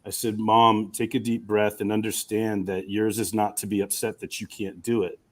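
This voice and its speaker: A middle-aged man, a guest on a video call from a campus room, telling his story in an earnest, emotional, animated way. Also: on the low side, moderate pace. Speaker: guest, communication professor and coach. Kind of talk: storytelling in an interview.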